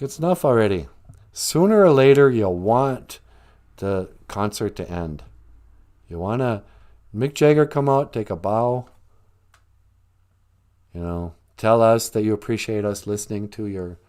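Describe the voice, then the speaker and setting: A man's voice: lowish voice, expressive, measured pace, long pauses, a little mellow, clear, resonant tone. A man hosting a casual livestream from a small room at home, rambling and joking as he muses aloud with a lot of laughing. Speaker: livestream host.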